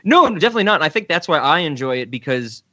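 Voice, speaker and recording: A man's voice: fairly high pitch, very animated, very fast, pushed and bright, no echo, muffled recording. A man hosting a film podcast in casual chat, easygoing and chuckling often. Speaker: podcast host.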